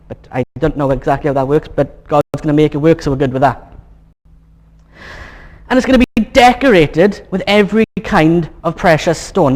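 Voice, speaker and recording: A man preaching a casual, joking sermon at his church, chatty and coaxing the congregation to get excited. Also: fairly high pitch. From Wales. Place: church hall.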